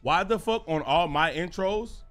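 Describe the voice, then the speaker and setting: Excitable high-voiced man telling stories. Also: unhurried, soft background music. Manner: animated, profane, excitable storytelling. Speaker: streamer. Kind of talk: casual livestream story time.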